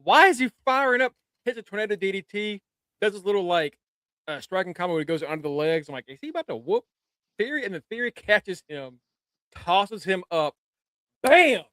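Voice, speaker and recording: Man, podcast co-host, high bright tone, dry close mic, profane excited recap. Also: brisk, no room sound. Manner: animated, profane play-by-play storytelling. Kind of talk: casual chat.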